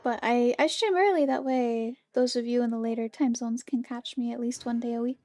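A woman streaming a game and chatting casually with her viewers, bubbly and greeting them by name, with a slightly hoarse morning voice. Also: on the high side, fairly even intonation, a little fast, mellow, no room sound, faint music behind. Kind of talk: casual livestream chat.

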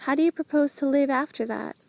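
A woman voicing a quick-tempered male army general in an audiobook, speaking in incredulous questions. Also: high voice, creaky, no echo, pitched above the performer's own voice. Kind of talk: audiobook character reading.

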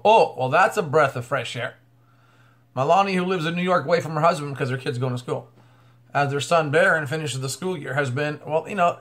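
A man's voice: on the high side, fairly bright tone. A man talking straight to camera in a religious commentary vlog, breaking into exclamations and repeating words as he goes. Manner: exclamatory, bursts of "oh" and "wow". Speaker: YouTube commentator.

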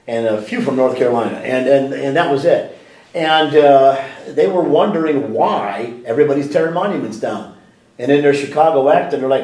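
A man's voice: medium pitch, darkish tone, reverberant, recorded from a distance, poor audio. A man giving a sit-down interview in a library room, talking animatedly with frequent restarts and rhetorical questions. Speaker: interview guest.

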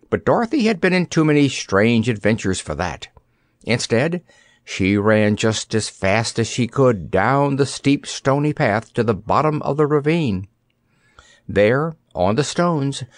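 A male narrator reads a storybook for an audiobook, using a lively pitch and expressive storytelling. The recording is clean studio sound with no room noise.

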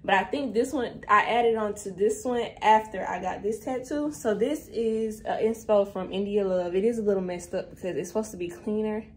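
Her medium-pitched voice moves at normal speed with hardly any pauses. This young woman in her twenties vlogs chattily and a little breathlessly, saying "y'all" and filler words often, with echo and faint background noise in the room.

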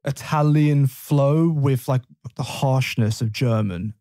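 A man with a Northern English accent co-hosts a relaxed podcast chat, chatty and laughing easily. His voice is warm and mellow. The sound is dry, with no room around it. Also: mid-range voice, takes it slowly, dry recording. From England. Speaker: podcast co-host, English teacher.

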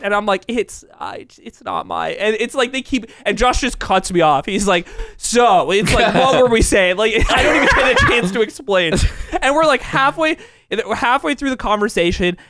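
A young man co-hosting a podcast tells a story in a casual chat, animated and laughing often while acting out quotes. His voice is high and his pace moderate. The sound is clean studio audio with no echo.

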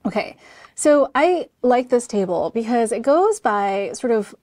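A woman's voice: fairly high pitch, expressive, a little slow, darkish tone, no room sound. A woman, an emergency physician, teaching a review lesson in a chatty way, with frequent "sort of" and "right?". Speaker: medical educator. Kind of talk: conversational review lecture.

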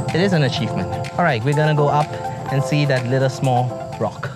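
A medium-pitched man talks quickly over loud background music. He's a vlogger on a forest trail, out of breath on the ascent, joking and complaining to his viewers.

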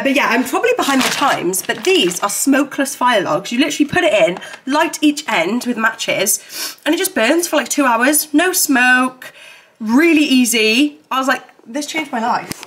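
A woman's voice: on the high side, animated, moderate pace, fairly bright tone, slight background noise. Bubbly young woman chatting on vlog. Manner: bubbly, chatty, lots of fillers. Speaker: vlogger. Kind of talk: casual vlog chat. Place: holiday lodge, indoors.

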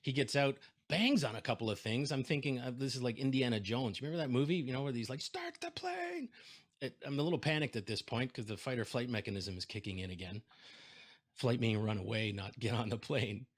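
Animated man telling a keynote story. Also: mid-range voice, quick pace. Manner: animated storyteller, acts out quoted voices. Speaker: keynote speaker. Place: home setup, video call. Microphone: desk microphone.

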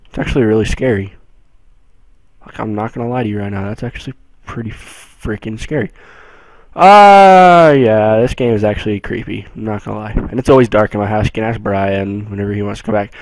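A young man giving casual commentary on a horror game, excitable and jumpy, moving between low mutters and sudden yells. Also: fairly quick, dry recording, low-quality recording. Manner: jumpy, excitable, swings from mumbling to yelling. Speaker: gameplay streamer.

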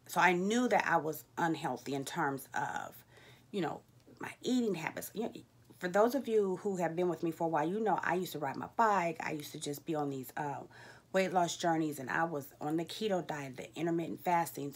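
A woman, telling a candid personal story to her vlog viewers, jumping up high when she acts out her own reactions. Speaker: vlogger.

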